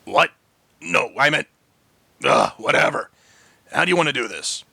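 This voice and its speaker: A man voicing a gruff, irritable middle-aged biker in a storybook reading, grumbling and exasperated. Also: fairly high pitch, sing-song, normal speed, bright, forceful tone, no room sound, full character voice. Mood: irritated.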